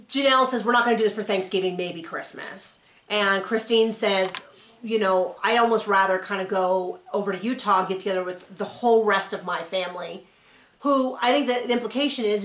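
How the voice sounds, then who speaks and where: A woman's voice: medium pitch, fairly bright tone. A woman doing a casual, chatty reaction recap of a TV episode, with sarcastic asides. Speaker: TV recap reviewer. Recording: roomy echo.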